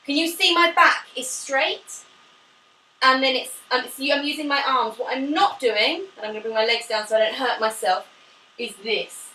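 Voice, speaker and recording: Woman pilates teacher, high bright voice, echoey room off-mic, faint hiss, upbeat and short of breath. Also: moderate pace, far from the mic. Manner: upbeat, demonstrating while talking, laughs often. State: slightly out of breath from exercising. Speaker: pilates instructor. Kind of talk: live online fitness class instruction.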